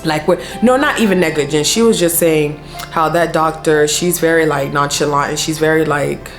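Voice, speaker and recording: A woman's voice: sits low, normal speed, faint music behind. A young woman vlogger telling a personal story in casual, slangy speech full of fillers. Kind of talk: storytime vlog.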